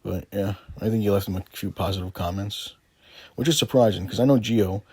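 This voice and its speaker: A man's voice: lowish voice, fairly quick, a little mellow, breathy edge, dry recording. A man giving sarcastic, taunting commentary over a screen recording, swearing often. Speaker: gaming video creator.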